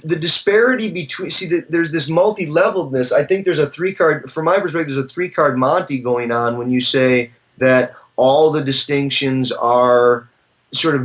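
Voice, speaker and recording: A man, a professor, talks through philosophical ideas in a conversational interview, searching for his words and reaching for stories to make his points. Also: mid-range voice. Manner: thoughtful, searching, with frequent restarts and storytelling asides.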